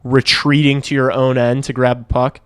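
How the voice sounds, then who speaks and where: A man's voice: mid-range voice, level tone, moderate pace, a bit bright, clear, resonant tone, no room sound. A young man hosting a hockey livestream, rambling through stories and game reactions in casual chat, swearing and laughing easily. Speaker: livestream host.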